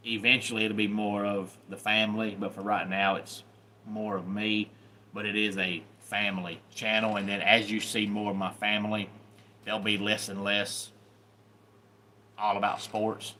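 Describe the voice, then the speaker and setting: A man's voice: fairly low pitch, bright, forceful tone, slight background noise. A man vlogging casually to camera about his family channel, plain-spoken with informal grammar.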